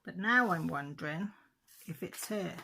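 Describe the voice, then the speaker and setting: A woman's voice: lowish voice, animated, unhurried, creaky, background noise. A middle-aged woman chatting casually on her vlog, telling a story in a rambling, emotional way with many restarts. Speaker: diamond painting vlogger. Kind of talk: casual chat.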